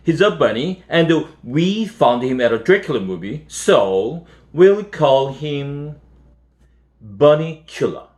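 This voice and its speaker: A man putting on a calm, sensible mother from a storybook. She speaks gently and soothingly, with a slightly raised, lively tone. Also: on the high side, slow.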